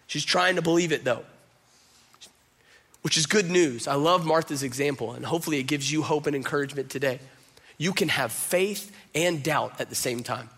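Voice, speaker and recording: Speaking at a normal pace, a pastor with a higher-pitched, fairly bright, breathy-edged voice gives a conversational sermon. He addresses the congregation casually and directly, calling them "y'all" and dropping in "like" as filler.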